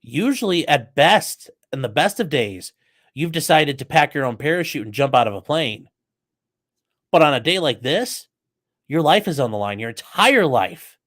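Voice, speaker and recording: A man talks straight to his audience about a trial, blunt and emphatic, his pitch jumping around as he drives each point home. He reaches for sports analogies and drops the odd curse word. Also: very animated, moderate pace, fairly bright tone. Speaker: host commenting on a trial clip. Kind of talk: casual commentary.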